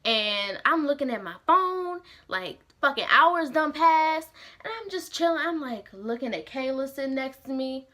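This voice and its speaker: Here a young woman vlogger with a high voice tells a story at a moderate pace over slight background noise. She's animated, slangy and profane, using "like" again and again.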